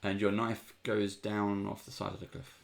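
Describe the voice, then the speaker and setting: A man running a tabletop game on a livestream, giving brisk rulings and thanking viewers. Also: lowish voice, monotone, creaky. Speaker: game master.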